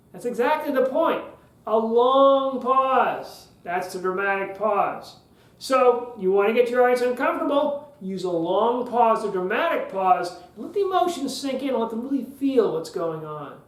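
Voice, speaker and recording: A man hosting a public speaking podcast, talking emphatically, repeating key phrases and leaving long pauses. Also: sits high. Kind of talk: instructional podcast talk. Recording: roomy echo.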